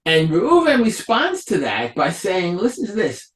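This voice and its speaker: A man, a rabbi, giving a Torah lecture, explaining slowly and acting out the quotes of biblical figures. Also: high-pitched, huge pitch swings, a bit bright. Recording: echoey room.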